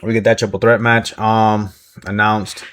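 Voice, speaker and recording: A man's voice: on the low side, little pitch movement, measured pace, a bit bright. A man casually recapping a wrestling show, rambling with lots of fillers, chuckling and joking about himself. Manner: rambling, self-deprecating, many fillers and chuckles.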